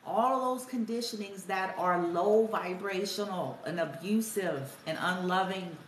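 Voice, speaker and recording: A woman's voice: mid-range voice, unhurried, far from the mic, a little hiss or hum. Woman talking in an echoey room. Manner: conversational, reflective, quotes her son and herself. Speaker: spiritual healer and parent vlogger. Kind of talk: casual storytelling monologue. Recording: echoey room, somewhat off-mic, faint ambience.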